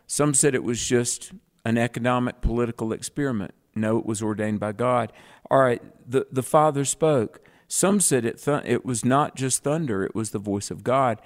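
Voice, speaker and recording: Man, Bible teacher, emphatic, reads verses aloud, mid-pitched voice. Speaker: Bible teaching show co-host.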